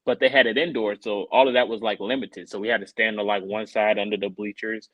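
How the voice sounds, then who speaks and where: A man co-hosting a podcast, telling a rambling story in a casual way and acting out the people he quotes in a higher voice. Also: fast talker, no echo, highs cut off. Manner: animated, acts out quoted people in a raised voice. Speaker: podcast co-host.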